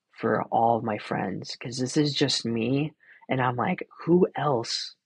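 A man's voice: mid-range voice, creaky, slightly rough, no echo, rough recording. A man in his twenties telling a personal faith story in a casual, earnest, rambling way, full of fillers and little laughs. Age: 20s. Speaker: podcast host.

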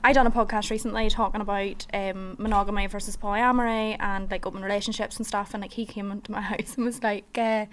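A woman's voice: medium pitch, fairly even intonation, fast, hardly any pauses, a bit bright. A woman with a Northern Irish accent, a podcast guest in casual chat, blunt and frank with heavy swearing.

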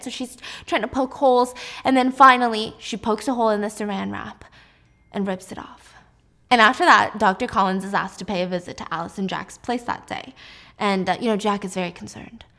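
A woman's voice: mid-range voice, fairly bright tone. A young woman casually recapping a film's story, emphatic and chatty.

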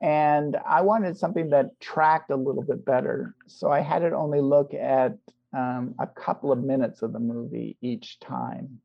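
A man's voice: medium pitch, fairly even intonation, normal speed, vocal fry, lo-fi sound. A man talking about his filmmaking in a casual interview, rambling with lots of fillers and restarts. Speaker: filmmaker guest.

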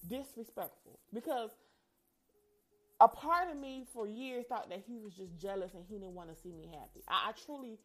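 A young woman hosting a show and telling listeners a personal story in a frank, profane, animated way. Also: mid-range voice, moderate pace, faint music behind. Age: young adult.

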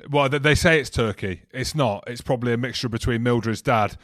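A man's voice: medium pitch, a little fast, fairly bright tone, no echo, studio quality. A man co-hosting a rugby podcast in casual chat, rambling through jokey stories. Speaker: podcast co-host.

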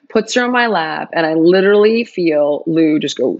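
Woman, guest storyteller, animated, acts out the dialogue, slightly low voice, lo-fi sound. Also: normal speed, vocal fry. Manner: animated, acts out quoted dialogue with big pitch jumps. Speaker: guest telling her story. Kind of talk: emotional personal storytelling.

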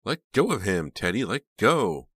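A man voicing a frantic teenage girl in a storybook, shrill and desperate as she pleads. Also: very animated, unhurried, a bit bright, breathy edge, no room sound, heavily acted. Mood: desperate pleading.

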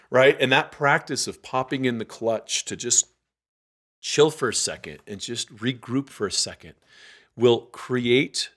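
A man, a guest author, talking casually in an interview and acting out quoted voices with lively energy. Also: mid-range voice, a little slow. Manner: animated, acts out quoted voices.

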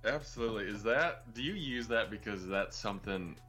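A man's voice: on the low side, expressive, fairly quick, a bit bright, soft background music. A man who is a guest in a casual chat, talking in an easygoing, self-deprecating way. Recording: slightly dull lo-fi sound.

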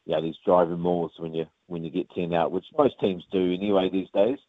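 A man with a New Zealand accent, a rugby player chatting casually in an interview, relaxed with lots of fillers. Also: low-pitched, fairly quick, no room sound. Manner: relaxed, many fillers, says mate often. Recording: tinny phone line, dry.

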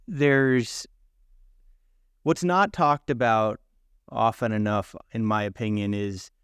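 Smooth-voiced male interviewer. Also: mid-range voice, no echo, clean studio sound. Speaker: podcast host. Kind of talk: interview questions.

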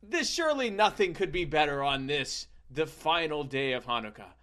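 A young man improvising a rambling comic story, full of halting restarts and playful asides. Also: on the high side, expressive, sharp tone.

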